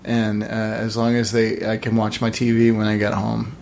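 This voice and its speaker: Gravelly man, dry and bemused. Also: on the low side, monotone, normal speed, darkish tone. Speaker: actor guest. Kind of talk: podcast interview.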